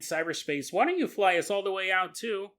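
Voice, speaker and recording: A man's voice: high-pitched, expressive, a little fast, a bit bright. A man hosting a podcast, telling a story as a comedic monologue, joking and laughing often. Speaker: podcast host.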